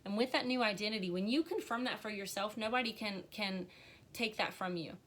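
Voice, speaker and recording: A woman's voice: medium pitch, fairly quick, slight background noise. A woman giving an earnest, encouraging tarot reading on a live stream, on the verge of tears at times. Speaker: tarot reader.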